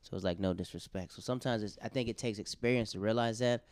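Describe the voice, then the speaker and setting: A man who is a stand-up comedian, chatting casually and acting out voices in animated stories. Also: on the low side, quick pace, dry recording. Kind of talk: casual podcast chat.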